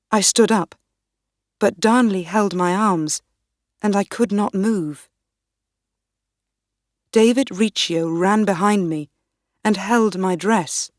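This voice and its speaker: A woman narrating a graded reader audiobook in the first person, reading slowly and clearly. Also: medium pitch, no echo, clean studio sound. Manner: slow, clear, deliberate reading.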